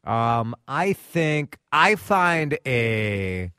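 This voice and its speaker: A man hosting a radio talk show, chatty and quick to laugh. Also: medium pitch, clean tone, no room sound, studio quality. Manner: lively, chatty, laughs easily.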